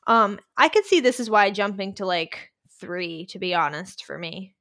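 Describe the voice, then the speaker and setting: A woman's voice: mid-range voice, moderate pace, a bit bright. A woman with a Boston accent, a music reviewer guesting on a podcast, chatting emphatically with mock exasperation. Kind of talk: casual podcast chat.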